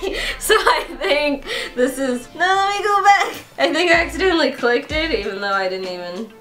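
A young woman vlogger with an excitable, profane, playful way of talking, taking a quiz and joking through it. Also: high-pitched, faint music behind. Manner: excitable and profane, swearing constantly; playful, quick swings between mock outrage and giggles. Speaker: YouTuber taking an online quiz. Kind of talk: casual vlog commentary.

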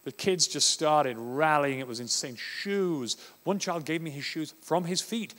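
A man from Australia giving a conference talk on education, animated and acting out classroom scenes. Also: fairly high pitch, a little slow, hardly any pauses. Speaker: education speaker. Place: conference hall. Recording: reverberant hall.

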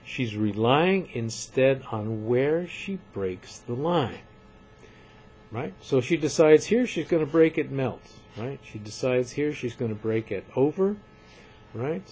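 A man giving a recorded literature lecture, measured and emphatic, often repeating points for his students. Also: medium pitch, lively intonation, darkish tone, husky.

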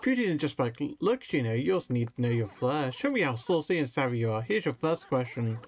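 A man's voice: medium pitch, very animated, fairly quick. A man reading aloud as a sassy female giraffe fashion designer with a diva streak, over faint game music.

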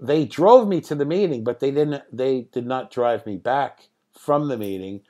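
A man's voice: mid-range voice, expressive, normal speed, dark tone. A man in his sixties, a screenwriter and director, telling stories as an interview guest. He talks animatedly, laughs at his own stories and swears casually. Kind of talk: anecdotal interview storytelling.

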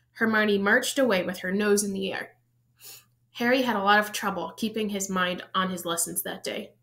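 A woman reading a children's novel aloud, steady storytelling with the odd slip and self-correction. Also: medium pitch. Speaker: audiobook reader.

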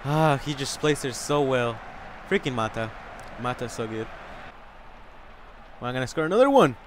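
A young man commentating his own soccer video game live, excitable and swearing, whooping and yelling at big plays. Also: mid-range voice, moderate pace, a little hiss or hum. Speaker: gamer.

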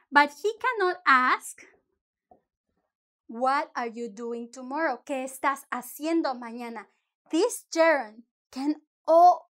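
A woman teaches in a relaxed video lesson. Her voice sits high, and she explains each point slowly, moving between example sentences and English. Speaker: Spanish teacher.

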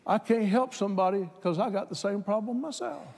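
A man preaching a sermon, moving from plain talk to loud, fervent exhortation. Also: brisk, creaky. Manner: builds from plain talk to shouted, high-pitched fervor. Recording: hall reverb.

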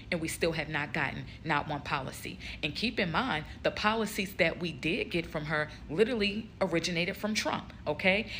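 Woman, low voice, forceful tone, casual political vlog, emphatic, direct to viewers. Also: slight background noise. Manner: emphatic, calls the audience "y'all".

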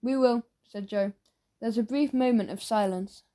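A woman narrating a children's audiobook in a steady storytelling manner. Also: mid-range voice, normal speed.

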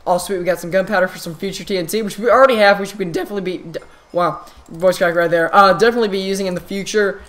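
A man talks through his game session into a desktop microphone, in loose, casual commentary. He is quick to exclaim and often restarts his sentences as things happen on screen. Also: high voice. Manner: excitable, frequent exclamations and restarts. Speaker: gaming channel host.

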